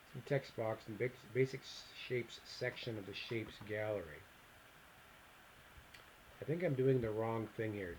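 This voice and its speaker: A man teaching a software lesson on a screen recording. He thinks aloud, reads out the steps and mutters asides to himself as he clicks through them. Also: lowish voice, a little hiss or hum, low-quality recording. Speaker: instructor.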